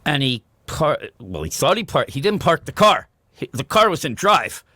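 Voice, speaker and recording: A man's voice: a little high, moderate pace, no echo. A middle-aged man co-hosting a podcast, telling a story in casual chat, swearing and acting out what others said. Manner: animated storyteller, swears, acts out quotes. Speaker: podcast co-host.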